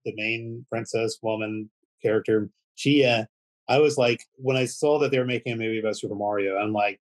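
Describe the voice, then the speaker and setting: A man's voice: on the low side, fairly even intonation, fairly quick, poor audio. A man co-hosting a podcast, chatting casually with a wry manner. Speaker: podcast co-host. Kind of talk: casual chat.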